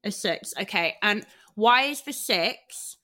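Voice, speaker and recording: A woman's voice: medium pitch, lively intonation, sharp tone. Frank, sweary woman in casual chat. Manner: frank and sweary, quick to laugh. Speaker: podcast host.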